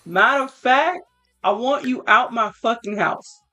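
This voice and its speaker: A woman's voice: a little high, animated, moderate pace, clean tone, no echo, highs cut off, voice pushed up, natural voice. A woman voicing a stern, angry mother who scolds and curses at her daughter in a life-sim game story. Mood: furious scolding. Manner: shouting, cursing, scolding.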